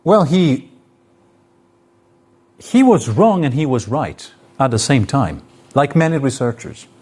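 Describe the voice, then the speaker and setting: A man's voice: medium pitch, a little mellow. A man lecturing to an audience in a hall, explaining his points with spoken examples and shifts in intonation. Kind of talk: live lecture.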